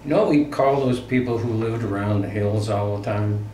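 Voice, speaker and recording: A man's voice: fairly low pitch, normal speed, warm tone. Older man with a teasing, joking manner. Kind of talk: casual chat. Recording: roomy echo, distant from the mic, faint noise.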